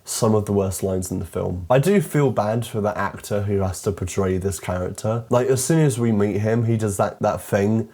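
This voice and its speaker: A young British man talks through a film review in a casual, amused tone, scattering fillers as he goes. His voice is low and mellow, with a relaxed warmth. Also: moderate pace, hardly any pauses, husky. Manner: chatty, amused, heavy on fillers.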